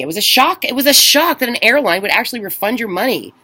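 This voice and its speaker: A woman's voice: fairly high pitch, fast, hardly any pauses, breathy edge. Chatty middle-aged woman, rambling story. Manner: animated storytelling, acts out quoted phone calls; rambling with many restarts. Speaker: vlogger. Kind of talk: casual chat.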